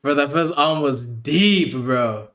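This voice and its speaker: A man's voice: medium pitch, slow pace, fairly bright tone, a little hiss or hum. A man giving casual, chatty reaction commentary on video clips, saying "bro" and "you know" a lot. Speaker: reaction host.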